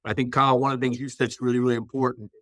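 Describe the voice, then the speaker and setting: A man in a casual podcast chat, explaining things in a steady, matter-of-fact way. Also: mid-range voice, rapid-fire, dry recording.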